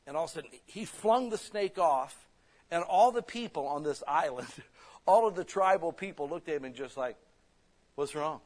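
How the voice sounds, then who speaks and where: Male pastor, slightly high voice, animated conversational preaching style. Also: moderate pace. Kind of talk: sermon.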